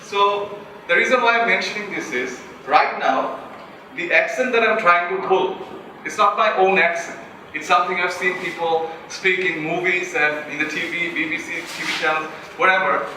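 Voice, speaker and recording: A man's voice: sits high, normal speed, bright, forceful tone, slight background noise. A young man from Bangladesh with a Bangladeshi English accent gives an earnest, self-deprecating motivational talk as a student speaker and asks the audience questions. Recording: echoey hall from far off.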